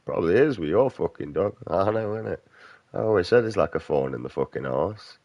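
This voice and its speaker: A man's voice: low voice, lively intonation, a little fast, a little mellow, no room sound, muffled recording. A man giving casual gameplay commentary, ranting bluntly and swearing a lot. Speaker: game streamer.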